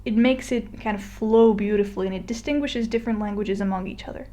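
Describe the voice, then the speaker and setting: A woman giving a casual explainer lesson, chatty with fillers and restarts, slowing down to model words. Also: medium pitch, mellow. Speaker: Spanish teacher. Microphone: voice-over on a screen recording.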